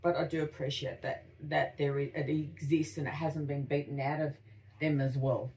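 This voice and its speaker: A woman co-hosting a podcast, reflecting slowly and thoughtfully in casual conversation. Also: low-pitched, level tone, darkish tone, far from the mic. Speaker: podcast co-host.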